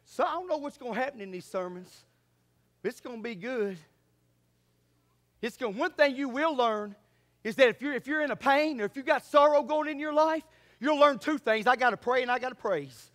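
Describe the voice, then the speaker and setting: Pastor guy preaching hard, real high pitched, swings loud then low. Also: moderate pace. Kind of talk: sermon. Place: church sanctuary.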